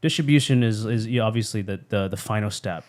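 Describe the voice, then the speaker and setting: A man's voice: fairly low pitch, brisk. A man hosting a casual chat show, steering the talk and asking his guest for tips. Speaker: podcast host. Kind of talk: casual chat over drinks.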